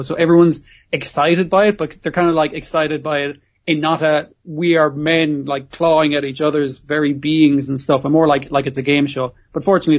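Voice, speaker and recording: A man's voice: on the high side, dull audio. A man co-hosting a podcast, rambling through an episode recap with constant swearing and frequent laughs. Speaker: podcast co-host. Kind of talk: casual chat recapping an episode.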